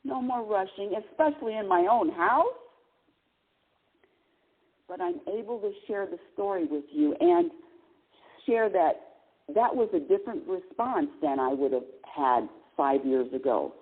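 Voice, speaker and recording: A woman in her sixties hosts a talk radio show and tells stories in an animated, exclamation-filled way, her pitch swooping widely. Her voice has a husky edge. The sound is thin and tinny, like a phone line. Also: unhurried, long pauses. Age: 60s. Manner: animated storytelling with laughs and exclamations. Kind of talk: casual spiritual talk radio monologue.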